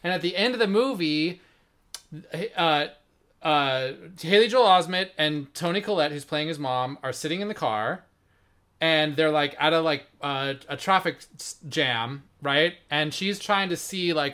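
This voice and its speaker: A man co-hosting a podcast, telling stories in an animated, emotional way. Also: fairly high pitch, measured pace, smooth. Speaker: podcast co-host. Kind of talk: casual chat.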